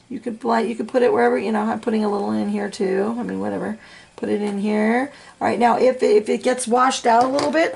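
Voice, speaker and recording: A woman teaching a coloring lesson, talking through each step in a soft, chatty way with plenty of fillers. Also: mid-range voice, creaky, slightly rough. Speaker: coloring instructor. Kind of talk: real-time art tutorial.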